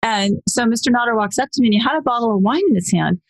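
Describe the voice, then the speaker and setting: Woman in her 40s chatting on a podcast, animated, jumps up in pitch for quotes, dry sound. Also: fast talker, creaky, no room sound. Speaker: guest. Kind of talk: casual storytelling interview.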